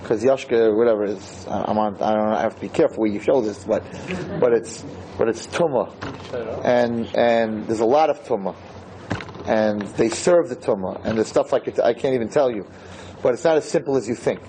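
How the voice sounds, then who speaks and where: A man giving a Torah lecture to listeners, telling a story with animated emphasis and repeated phrases. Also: fairly low pitch, normal speed, background noise.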